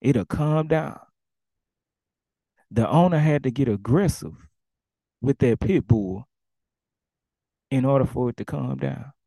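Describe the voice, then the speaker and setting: Gravelly preaching man, dark tone. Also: mid-range voice, slow pace, long pauses, no echo. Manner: preaches in casual dialect, acting out commands and swinging between loud and hushed. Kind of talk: sermon.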